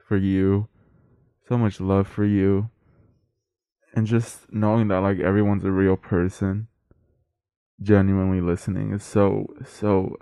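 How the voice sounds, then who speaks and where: A man's voice: lowish voice, flat delivery, slow pace, long pauses, warm tone, clean tone, no echo. A young man co-hosting a podcast, earnestly thanking listeners and choking up as he talks. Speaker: podcast co-host. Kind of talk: casual heartfelt chat.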